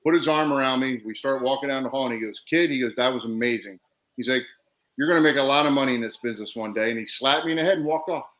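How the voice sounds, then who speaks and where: Over lo-fi sound, a man with a mid-range voice talks quickly as a guest on a podcast. His storytelling is animated: he recounts wrestling tales, laughs along, and performs the lines people said.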